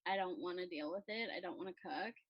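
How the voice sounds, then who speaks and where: A young woman with a lowish voice chats casually and quickly in an interview about her calligraphy business. She laughs often and fills her speech with "like." The recording sounds muffled.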